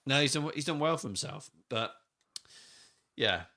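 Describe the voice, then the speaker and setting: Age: adult. Sex: man. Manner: animated, joking. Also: mid-range voice, normal speed, crowd noise. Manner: rambling, joking, animated storyteller. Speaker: podcast co-host. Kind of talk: casual wrestling chat.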